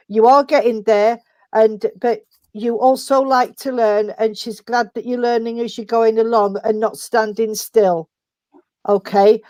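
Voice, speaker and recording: A woman's voice: on the high side, a little mellow, dry recording. A woman giving spirit messages at a service, chatty and affectionate, calling people sweetheart. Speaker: spiritualist medium.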